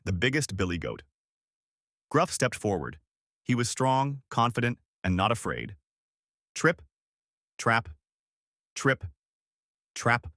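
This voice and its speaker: A man's voice: fairly low pitch, a bit bright, no room sound, clean studio sound. A man narrating a scripted bedtime fairy tale in a dramatic, sing-song way. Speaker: storyteller.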